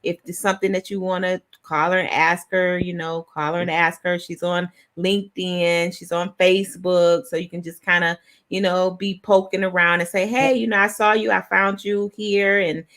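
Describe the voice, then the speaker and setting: A woman hosting a talk show on a video call, raspy as she loses her voice, playful and effusive. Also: lowish voice, flat delivery, normal speed, fairly bright tone. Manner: effusive, playful, laughs often. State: losing her voice. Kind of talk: casual chat.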